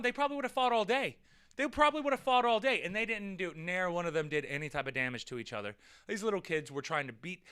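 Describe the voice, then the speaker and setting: Bright high-voiced man telling a story. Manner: rambling, repetitive and profane. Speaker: vlog host. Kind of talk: casual personal storytelling.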